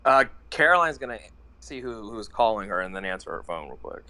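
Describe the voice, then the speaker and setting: A man playing a tabletop role-playing game, speaking in character in a quiet, offhand way. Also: fairly low pitch, big pitch swings, brisk, crowd noise. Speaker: player.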